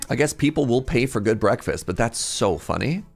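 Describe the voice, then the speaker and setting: A man from Canada, streamer in casual live-stream chat, telling an animated story and laughing often. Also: medium pitch, brisk, gravelly, soft background music.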